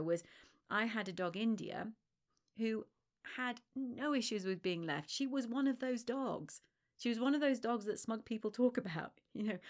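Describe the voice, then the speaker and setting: A woman hosting a solo podcast as a dog trainer, talking emphatically and reassuringly straight to the listener. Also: mid-range voice. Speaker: dog separation-anxiety trainer and podcast host.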